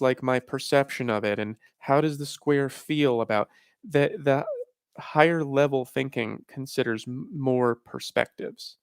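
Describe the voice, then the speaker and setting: A man hosting a live Q&A stream, thinking aloud in a halting way, his voice worn and tired. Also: medium pitch, smooth, dry recording, studio quality. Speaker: livestream host. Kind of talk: casual live Q&A talk.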